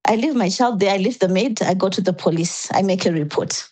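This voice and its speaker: A woman's voice: medium pitch, a little fast, darkish tone, rough recording. Earnest woman telling her own story. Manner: earnest, recounts events step by step with restarts. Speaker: podcast guest. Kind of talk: personal storytelling.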